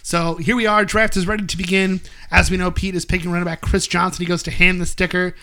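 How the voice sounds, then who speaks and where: A man's voice: sits high, fast talker. A man hosting a casual podcast, animatedly recapping an episode and quoting characters. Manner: animated, quotes characters in bursts. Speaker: podcast host.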